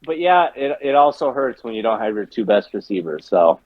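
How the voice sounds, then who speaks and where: A man's voice: lowish voice, sing-song, a little fast, dry recording, highs cut off. A man co-hosting a casual sports podcast, ranting and cursing while gaming on a headset, a little drunk. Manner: profane, heated ranting. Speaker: podcast co-host.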